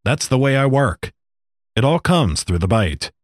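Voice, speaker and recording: A man voicing an old talking desert snake, calm and matter-of-fact with dry jokes. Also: mid-range voice, a little slow, dry recording, voice pushed up. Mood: wry. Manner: matter-of-fact, dryly joking.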